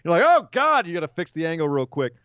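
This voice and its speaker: A man from California co-hosting a podcast in casual chat over a call, joking and quick-witted. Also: a little high, steady tone, clear, resonant tone, dry recording. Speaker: podcast co-host. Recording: dull lo-fi sound.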